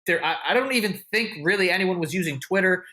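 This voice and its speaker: A man's voice: high voice, lively intonation, fast talker, pushed and bright. Loose, profane man telling a story. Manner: loose and profane, full of "like" and "you know"; acts out what others said with a raised voice. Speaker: interview guest, content creator. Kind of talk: casual storytelling in an interview.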